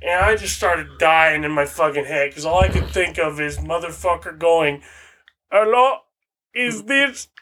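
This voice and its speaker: A man's voice: on the high side, steady tone, normal speed, hardly any pauses, a bit bright. A young man co-hosting a podcast, telling crude stories with lots of swearing and laughter. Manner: profane, laughing storyteller. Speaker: podcast co-host. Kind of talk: crude casual podcast banter.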